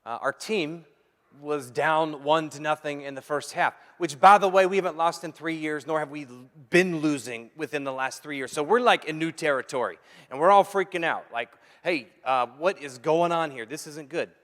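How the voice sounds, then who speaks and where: A male pastor in his thirties telling a joking story during a sermon. His voice sits a little high and he talks in an animated, playful way. The sound carries a long reverb, like a big church hall. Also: normal speed.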